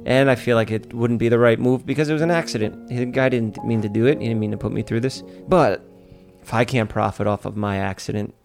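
A man from Staten Island, delivering an animated, profane, mock-outraged monologue as a podcast host, with faint music behind him. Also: medium pitch, fairly quick, gravelly, few pauses. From Staten Island, New York. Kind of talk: ranting comedic monologue. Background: faint sad music.

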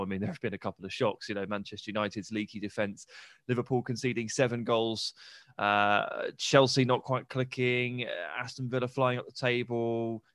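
A man's voice: mid-range voice, no room sound, clean studio sound. A man co-hosting a football podcast, chatty, enthusiastic and teasing. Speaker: podcast co-host. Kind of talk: casual football podcast chat.

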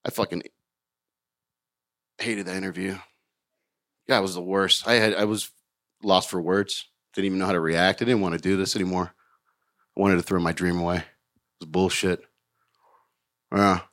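A comedian from Florida telling a personal story, rambling, self-mocking and profane, with halting restarts. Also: male voice, deep voice, level tone, a bit bright. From Hollywood, Florida, USA.

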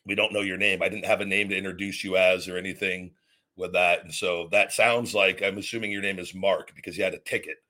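A man's voice: sits low, level tone, brisk, sharp tone. A man hosting a podcast, reacting casually to a listener's promo and often stumbling over and repeating words. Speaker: podcast host.

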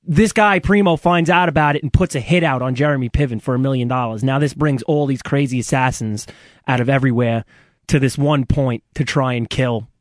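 A man's voice: mid-range voice, brisk, dry recording, studio quality. A male radio co-host in casual chat who tells stories in a frank, rambling way.

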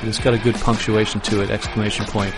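A man's voice: on the low side, level tone, fast, background noise. A man who is a sports journalist and author, giving wry, seasoned commentary in an interview.

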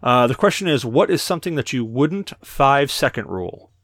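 A man's voice: mid-range voice, lively intonation, a little fast, fairly bright tone, no echo, studio quality. A man hosting a casual podcast, telling crude stories and laughing often, a bit tipsy. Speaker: podcast host.

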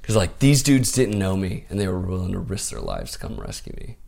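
A man telling a personal story in a laid-back, casual way, full of "like" and "dude", growing animated and proud as he goes. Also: low-pitched, brisk, gravelly. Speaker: podcast guest.

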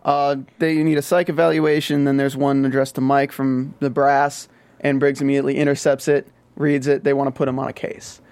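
A man's voice: medium pitch, little pitch movement, fairly quick, a little mellow, dry recording. A man from the American South chatting casually about a TV show, rambling with many restarts and fillers. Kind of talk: casual TV recap chat.

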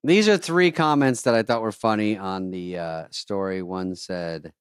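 A man co-hosting a comedy podcast, chatting casually and animated, making silly sound effects. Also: on the low side, unhurried, hardly any pauses, smooth, dry recording, studio quality. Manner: animated, makes sound effects and reads comments. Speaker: podcast co-host.

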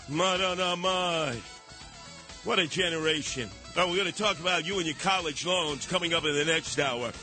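An older New Yorker hosts talk radio at a moderate pace, brash and sarcastic, dipping into mocking voices. His high, bright, forceful voice comes through a studio microphone with light music playing beneath.

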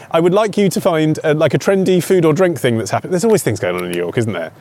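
Lively man hosting a chat show. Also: a little high, fast talker, hardly any pauses. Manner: playful, teasing, animated storytelling. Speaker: podcast host. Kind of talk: casual chat.

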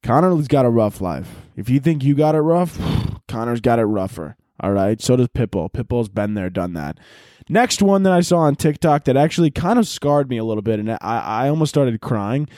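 A man hosting a podcast alone, rambling through a crude comedic monologue and jumping into loud shouted bits. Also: mid-range voice, sing-song, normal speed, no room sound, clean studio sound. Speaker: podcast host.

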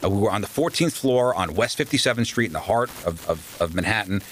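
Man, low voice, lively pitch, casual storytelling interview, faint background noise. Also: fast, poor audio. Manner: animated storyteller, acts out quoted voices. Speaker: radio host guest.

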